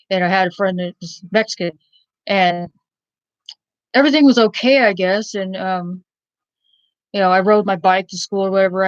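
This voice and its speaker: A woman's voice: mid-range voice, no room sound. A woman in her forties telling a personal story in a candid, rambling way, full of fillers and restarts. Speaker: vlogger. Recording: dull lo-fi sound, dry.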